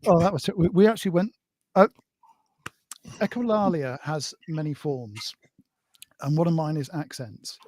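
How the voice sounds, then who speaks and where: British guy chatting on a stream, bit high voice, lots of ums and restarts, dry close mic. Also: normal speed, pauses often, a little mellow, no echo. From Britain. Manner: tells jokes with put-on voices, hesitant fillers. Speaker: guest. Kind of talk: casual chat.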